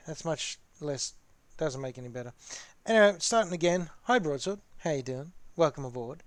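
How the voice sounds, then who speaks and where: Chatty man with a fairly high voice. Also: animated, moderate pace, few pauses, no room sound. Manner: rambling, chatty, talks to the chat. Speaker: streamer hosting a hobby chat. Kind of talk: casual live-stream chat while painting models.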